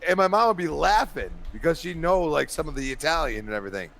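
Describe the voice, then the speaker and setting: A man's voice: fairly high pitch, quick pace, gravelly. A man co-hosting a casual podcast chat, telling rambling family stories with many restarts. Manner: rambling animated storyteller, many restarts and laughs. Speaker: podcast co-host.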